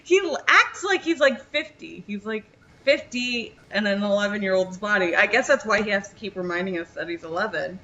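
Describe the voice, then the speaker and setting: A woman with a mid-pitched voice co-hosts a podcast in relaxed, casual chat. She teases her co-host playfully and laughs often. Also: brisk, highs cut off, a little hiss or hum.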